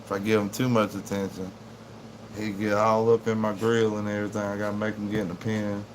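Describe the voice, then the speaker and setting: A man's voice: lowish voice, monotone, brisk, background noise. A man chatting casually on a livestream, rambling in a laid-back way to his viewers and his dog at home. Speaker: livestream host.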